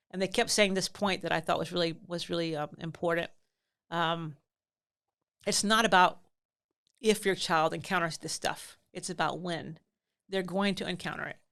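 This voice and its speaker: Middle-aged woman, podcast host, slightly low voice, earnest and emphatic, chatty advice with fillers. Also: a bit bright. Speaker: podcast host and parenting advisor. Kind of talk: casual advice talk.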